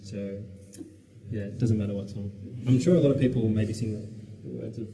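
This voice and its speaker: A man's voice: lowish voice, a little fast. Rambling Australian man, roomy and distant. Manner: relaxed, rambling, lots of fillers. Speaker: musician guest. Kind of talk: casual radio interview. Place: radio studio. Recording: roomy, distant mic, background noise.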